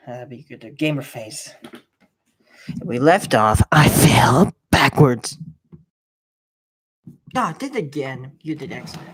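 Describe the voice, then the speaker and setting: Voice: medium pitch, slight background noise. A young gamer rambling in casual gameplay commentary, talking to himself and the audience, recorded close on a microphone.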